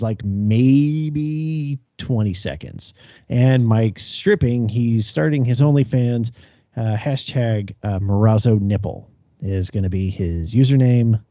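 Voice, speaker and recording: A man's voice: medium pitch, mellow, dry recording, muffled recording. A man co-hosting a podcast, joking in a wry, profane way through casual chat. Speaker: podcast co-host.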